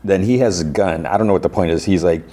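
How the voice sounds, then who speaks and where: Podcast host, male, deep and husky, loose rambling recap delivery. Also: fast talker, dark tone. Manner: rambling, paraphrases scenes with "he's like" and laughs at himself. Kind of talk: casual recap of TV episodes.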